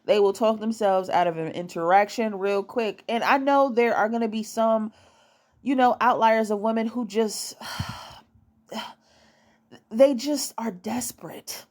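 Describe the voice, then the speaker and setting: In a casual monologue at home, a young woman with a fairly high-pitched voice and an unhurried pace gives dating advice. She's blunt and profane, repeating her points to hammer them home.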